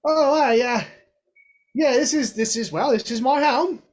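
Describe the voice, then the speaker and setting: A man voicing a young female high elf who chatters in a flustered, rambling way. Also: unhurried. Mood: chipper.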